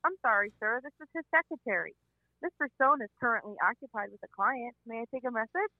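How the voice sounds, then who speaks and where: A woman's voice: fairly high pitch, animated, fast, no echo. A prim, formal law-office secretary, played by a woman, answers the call. Her voice comes through a tinny phone line and is dry and close. She is steadily courteous. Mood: polite. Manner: formal and polite.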